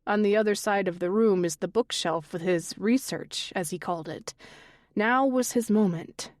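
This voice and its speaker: A woman reading a first-person mystery audiobook in a measured, unhurried way. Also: medium pitch, dry recording, studio quality. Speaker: audiobook narrator.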